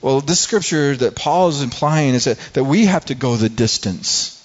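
In a slightly dull lo-fi recording, a middle-aged man preaches, recounting personal stories with earnest feeling and many restarts. The pastor's medium-pitched voice is expressive and moves at normal speed.

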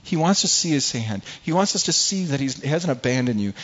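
A man's voice: mid-range voice, lively intonation, brisk. A man preaching a sermon, earnest and repetitive, often restarting words and reading scripture aloud to the congregation. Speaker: pastor. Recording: dull lo-fi recording.

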